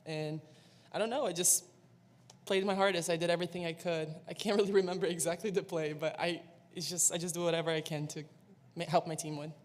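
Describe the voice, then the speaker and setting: A young woman basketball player answering questions at a postgame press conference, soft-spoken and halting, with restarts. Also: fairly low pitch, fairly even intonation. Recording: long reverb with faint room noise.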